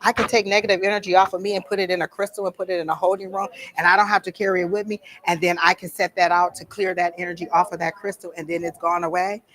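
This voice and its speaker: A woman's voice: lowish voice, level tone, fast, few pauses, a bit bright. Woman, psychic workshop teacher, casual blunt chat, acts out quotes, event room.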